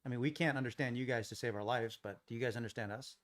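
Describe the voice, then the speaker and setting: A man's voice: medium pitch, fairly even intonation, fast talker, a bit bright. An American man from Los Angeles hosting a live trading stream, chatting casually, thinking aloud and answering viewers in the chat. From Los Angeles, USA.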